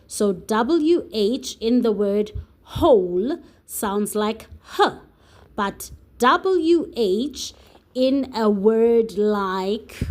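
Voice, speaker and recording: A woman tutor teaching a phonics and spelling lesson to young children, patiently sounding out letters and words. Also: on the high side.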